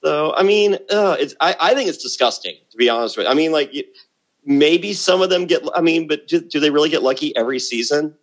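A man's voice: on the high side, lively intonation, brisk. Brash rambling man telling stories. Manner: brash, rambling storyteller with many restarts. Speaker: guest, former reality show contestant. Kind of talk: casual interview chat.

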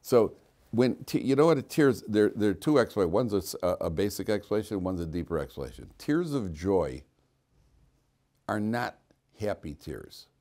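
A man's voice: on the low side, big pitch swings, moderate pace, darkish tone. A man teaching a class as a rabbi, talking informally, questioning students and cracking jokes, with frequent restarts.

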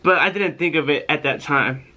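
A young man telling a story in a bright, forceful voice that sits a little high for a man. He talks casually and profanely to his viewers, swings his pitch around as he gets worked up, and acts out the people in his tale. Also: moderate pace, dull audio. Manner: animated, profane, acts out quotes. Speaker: vlogger.

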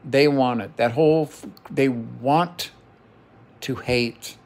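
A man's voice: mid-range voice, slow. Profane, heated middle-aged man venting. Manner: heated, profane, repeats phrases for emphasis. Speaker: vlogger. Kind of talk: emotional personal monologue.

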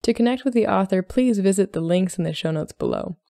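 A woman hosting a short-story podcast, reading a story aloud in a measured, gentle way. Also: medium pitch, animated, vocal fry, dry recording, clean studio sound. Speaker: podcast host and story reader. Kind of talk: storytelling narration.

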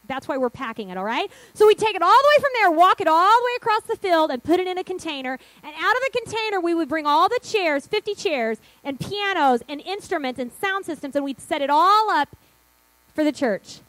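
High-voiced woman pastor telling a story. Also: fairly quick, dry recording, poor audio. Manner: animated storytelling, acting out quotes. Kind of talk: sermon storytelling.

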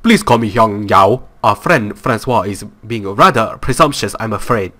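A man voicing a polite, formal male restaurant owner in a slow, mixed put-on foreign accent. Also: lowish voice, animated, bright, forceful tone.

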